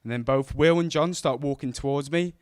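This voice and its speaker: Male storyteller, live stage, dry close sound, animated quoting. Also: medium pitch, fairly quick, clean tone, dry recording. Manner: acts out quoted voices, shouting and mimicking.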